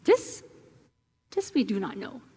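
A woman pastor quoting an eccentric comic doctor character in a clipped, deadpan way, in a reverberant hall. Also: fairly high pitch, takes it slowly, husky, exaggerated voice.

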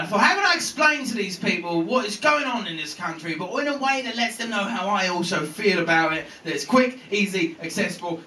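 A male stand-up comedian with a high, bright and sharp voice that leaps all over its range as he tells stories on stage and swears freely. He slips into different voices for the characters he describes. The sound is roomy and a little distant, with a faint ambient hum behind him. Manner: animated, swearing, acting out characters. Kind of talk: live stand-up routine. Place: comedy venue with a live audience.

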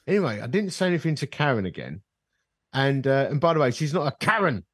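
Speaking fast with a breathy edge and a mid-range voice, a middle-aged man recounts a personal story as a podcast guest. He's a ministry leader in a bar setting, animatedly acting out the conversation. The studio-quality sound has no echo.

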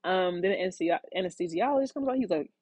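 A woman in her thirties, a podcast host, telling a personal story in a rambling, animated way with lots of fillers and restarts. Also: fairly low pitch, very fast, slightly rough, dry recording. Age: 30s. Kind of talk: casual storytelling monologue.

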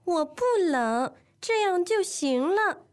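A woman playing a high-voiced reluctant child. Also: expressive, slow pace, a little mellow, full character voice. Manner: short, grudging replies. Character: reluctant child bundled up by a parent. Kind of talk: scripted language-lesson dialogue.

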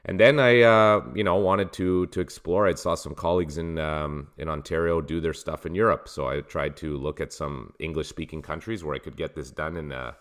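A man who coaches soccer, calmly explaining his career as a guest in a casual interview. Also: very deep voice. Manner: measured, explanatory.

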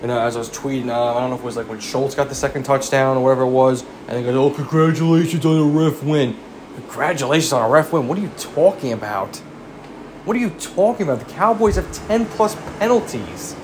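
Guy ranting about his team, cussing a lot, keeps asking are you stupid, mid pitch, faint ac hum behind. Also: lively intonation, fast. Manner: exasperated, swearing, rhetorical questions. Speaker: sports fan commentator. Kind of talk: profane sports rant.

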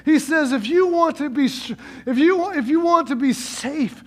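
A male pastor with a strikingly high voice delivers a sermon. He drives points home by repeating key phrases, rising to shouts and then dropping into calm, storytelling passages. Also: unhurried.

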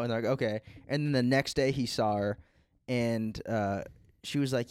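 A man's voice: mid-range voice, fairly even intonation, moderate pace, darkish tone, clean tone, no echo, studio quality. A young man chatting casually as a podcast co-host, rambling and laid-back, with lots of "like" and "dude". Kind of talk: casual chat.

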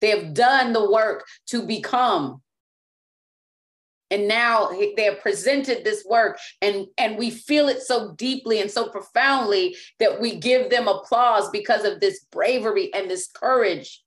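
A woman's voice: medium pitch, measured pace. A woman preaching a sermon as apostle and teacher, speaking emphatically and often repeating and restarting words.

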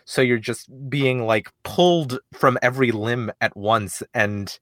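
A man's voice: mid-range voice, measured pace, dry recording, studio quality. A man in a casual film review chat, talking in a rambling, analytical way with many fillers.

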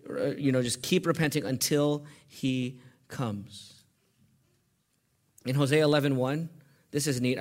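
A male pastor preaching a sermon, quizzing his congregation with questions and building to loud, impassioned peaks. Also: fairly high pitch. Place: church.

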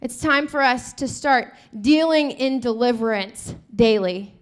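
A woman with a high voice preaches with animated energy. She retells a scripture story and acts out the dialogue herself, jumping between the voices. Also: unhurried, clear, resonant tone. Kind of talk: sermon.

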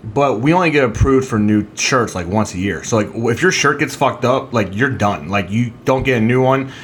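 A man co-hosting a casual podcast, telling stories in an animated, profane way. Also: medium pitch, moderate pace, slight background noise. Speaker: podcast co-host. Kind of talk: casual chat.

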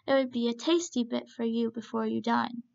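A sly male rabbit from a children's storybook, polite and smug as he plots against his customers, read by a woman. The voice sits fairly high with a heavy gravelly crackle. The recording is dull and lo-fi. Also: little pitch movement, moderate pace, a little mellow. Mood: courteous.

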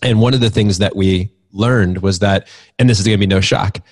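Man, podcast guest, reflective, rambling, low voice. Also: fairly quick. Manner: reflective, rambling, lots of fillers. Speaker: podcast guest, men's community leader. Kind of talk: casual conversation.

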